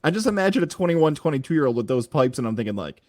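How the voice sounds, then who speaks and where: A man hosting a podcast, asking a guest friendly, quick questions about his career. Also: a little high, big pitch swings, darkish tone, dry recording. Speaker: podcast host, interviewer. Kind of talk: casual interview.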